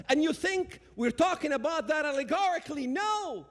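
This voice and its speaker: A man's voice: very high voice, animated, normal speed. A man with a Palestinian Arabic accent giving an impassioned talk, addressing the audience directly and emphatically. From Palestinian territories.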